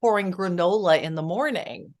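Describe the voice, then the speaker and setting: A middle-aged woman speaking as a therapist guest on a podcast, earnest and spiritual, telling stories with lively energy. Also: on the low side, normal speed. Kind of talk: casual podcast conversation.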